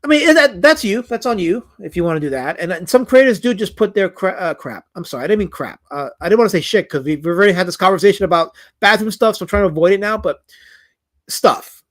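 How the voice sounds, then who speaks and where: A man's voice: high voice, quick pace. A man streaming live as a comic creator, reading out chat comments in a rambling way that is full of stuttered repeats.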